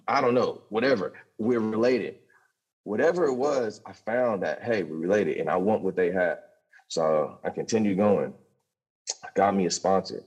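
A deep-voiced young man with a husky edge tells his story in a loose, profane rush. He stumbles through quick restarts and keeps the talk raw and candid. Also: darkish tone. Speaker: podcast guest telling his recovery story.

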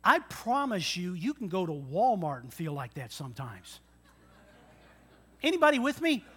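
A man's voice: high voice, very animated, moderate pace, fairly bright tone, breathy edge. A man preaching a sermon, earnest and folksy, often putting questions to the congregation. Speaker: pastor.

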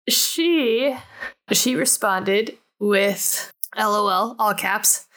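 A woman's voice: medium pitch, very slow, a bit bright. Chatty woman hosting a book podcast. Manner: chatty, laughs often, fillers like "like". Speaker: podcast host. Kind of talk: casual book club chat.

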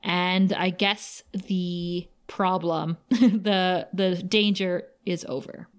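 A woman co-hosting a podcast, recapping an episode in a lively, casual storytelling way with frequent fillers. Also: fairly low pitch, drawn-out words, clear, resonant tone. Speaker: podcast co-host.

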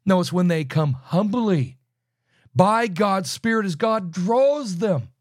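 A man teaching through a Bible book verse by verse, emphatic, with loud bursts and low asides. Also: expressive, slow pace, dry recording, studio quality.

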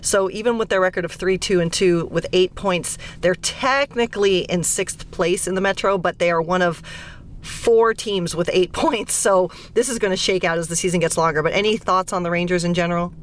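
A woman co-hosting a casual hockey podcast, playful and quick to laugh as she leads the segments. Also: on the low side, a little hiss or hum. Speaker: podcast co-host.

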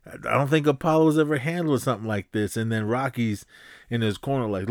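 Speaking a little fast in a mid-range voice, this man hosts a podcast and recaps a film scene casually. His telling rambles, packed with fillers and restarts, and he animatedly acts out the punches with sound effects, recorded at studio quality with no room sound.

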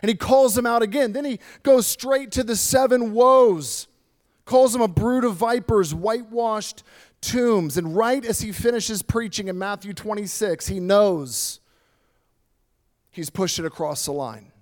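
A man preaching a sermon in church, telling a story in an animated, dramatic way. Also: high-pitched, unhurried. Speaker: pastor. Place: church stage with a band.

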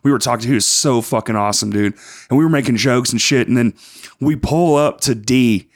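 A man hosting a podcast, telling con stories in a profane, animated casual way. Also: medium pitch, brisk. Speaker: podcast host.

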